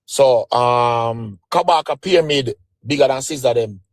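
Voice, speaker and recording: A Jamaican man in a mid-range voice brushes off the other side's point, pausing on fillers. The recording is dry and close. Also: mid-range voice, no room sound. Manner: dismissive, hesitant with fillers. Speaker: debate caller. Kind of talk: live stream debate.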